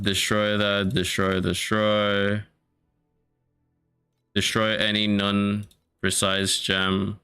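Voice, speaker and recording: A man's voice: sits low, pushed and bright, smooth, dry recording. Man, game streamer, thinking aloud, casual swearing, dry close sound. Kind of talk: casual gameplay commentary.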